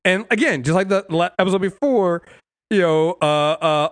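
A man co-hosting a casual podcast chat, animated and breaking into little voices to act out what characters say. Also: high-pitched, moderate pace, dry recording. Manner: animated, acts out characters' lines mid-story. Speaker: podcast co-host.

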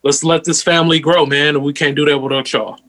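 A man co-hosting a podcast with casual, playful banter, slangy and quick to laugh. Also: fairly high pitch, steady tone, a crowd in the background. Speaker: podcast co-host.

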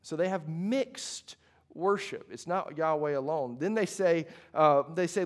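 A man's voice: high voice, normal speed. A man preaching a sermon to a congregation, talking in a conversational way with restarts and asides. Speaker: pastor. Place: church hall before a congregation.

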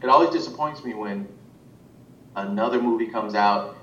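A man's voice: moderate pace, fairly bright tone, recorded from a distance. A man working as an animation director, talking casually in an interview, rambling with many restarts and fillers. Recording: roomy, muffled sound from off-mic with faint rumble.

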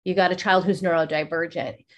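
A woman's voice: lowish voice, steady tone, a little fast. Rambling woman host with questions. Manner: rambling long questions with many fillers. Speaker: podcast host. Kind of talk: casual interview chat.

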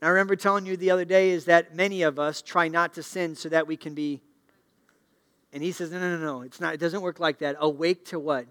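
A middle-aged male pastor preaching a sermon in a church, asking the congregation questions and moving between loud declarations and hushed appeals. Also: on the high side, steady tone, a little fast. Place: church sanctuary.

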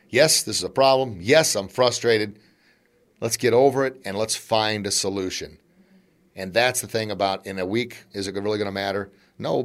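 A middle-aged man hosting a motivational podcast, talking in an animated, chatty way and laughing between points. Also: mid-range voice. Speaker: podcast host.

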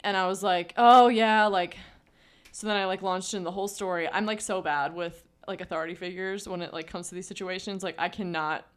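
A young woman co-hosting a podcast, telling a story in casual chat, full of "like" fillers. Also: fairly low pitch. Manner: chatty storytelling with many "like" fillers. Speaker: podcast co-host.

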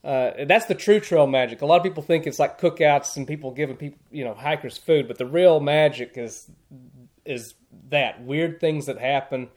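A man's voice: a little high, normal speed, darkish tone. A man, a guest on a podcast, telling trail stories in an earnest, plainspoken way, often restarting his words as he thinks. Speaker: podcast guest, thru-hiker. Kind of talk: casual storytelling.

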